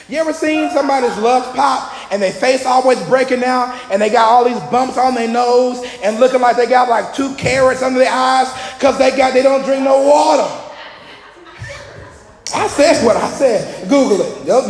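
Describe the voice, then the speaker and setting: A man with a very high, gravelly voice preaches a lively sermon in a church hall. He is energetic and joking, and he often shouts out to the congregation. The echoey room carries a long reverb behind him. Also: normal speed, soft background music.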